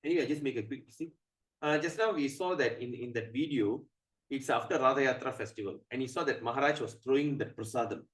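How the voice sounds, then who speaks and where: A man giving a storytelling sermon at a temple, animated and asking the audience questions. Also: medium pitch, fast talker, reverberant. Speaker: temple speaker.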